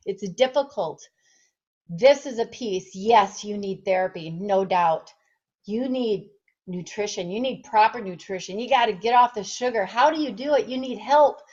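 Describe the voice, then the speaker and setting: A woman's voice: medium pitch, moderate pace, a little mellow, lo-fi sound. A woman who works as a fitness trainer and nutrition coach, giving a passionate motivational talk and putting rhetorical questions to her listeners. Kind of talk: direct-to-camera motivational talk.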